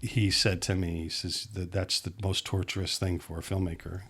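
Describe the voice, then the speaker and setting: A man's voice: deep voice, flat delivery, normal speed, fairly bright tone, husky. A middle-aged man from Pennsylvania, a filmmaker guest on a podcast, telling rambling anecdotes with frequent restarts. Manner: rambling, restarts mid-sentence, acts out quotes. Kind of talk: anecdotal storytelling in a podcast chat.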